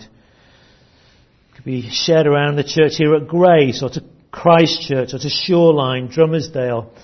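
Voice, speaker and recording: A man preaching a teaching sermon to his congregation, earnest and prone to repeating words as he restarts. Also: on the high side. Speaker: pastor. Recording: dull lo-fi church recording.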